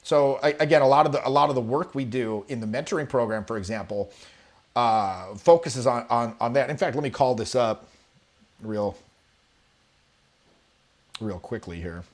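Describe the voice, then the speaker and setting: A man teaching charisma to camera, lively and demonstrative, acting out examples and swearing casually. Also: medium pitch, normal speed, long pauses. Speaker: charisma coach. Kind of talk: animated coaching talk to camera. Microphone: webcam or camera, video talk.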